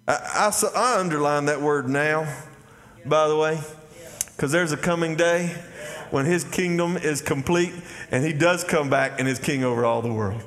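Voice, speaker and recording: A pastor preaches in a fairly high voice, folksy and direct with his congregation. His words ring out with a long hall reverb behind them. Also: moderate pace, fairly bright tone. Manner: folksy preaching, calls out "y'all" and "Amen?" to the congregation. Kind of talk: sermon.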